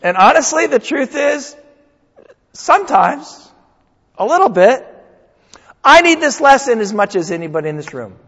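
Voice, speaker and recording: Animated older man preaching in a hall. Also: very high-pitched, moderate pace, pauses often, slightly rough. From New England. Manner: folksy, joking, animated preaching. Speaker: pastor. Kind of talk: sermon. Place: church sanctuary. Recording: dull sound in a long-echo hall.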